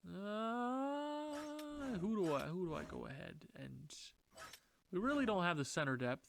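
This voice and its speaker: A man's voice: big pitch swings, measured pace, gravelly, a bit bright, a little hiss or hum. Exasperated man calling a hockey franchise run. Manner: exasperated, talks to players, swings into high frustrated outbursts. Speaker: gaming YouTuber. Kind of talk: franchise mode commentary.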